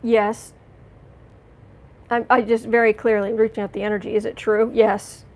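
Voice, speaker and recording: A woman's voice: a little high, little pitch movement, moderate pace, darkish tone, low-quality recording. A woman hosting a live tarot reading stream, reading out viewer comments and reacting with outrage, with frequent restarts and apologies. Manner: heated, indignant, talks back to viewer comments. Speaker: tarot reader and livestream host.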